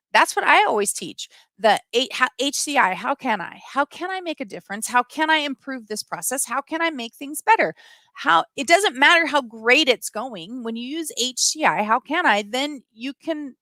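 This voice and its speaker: A woman's voice: fairly high pitch, dry recording. A middle-aged woman hosting a live stream, talking casually and emphatically as she reads viewers' comments. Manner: emphatic, opinionated, animated.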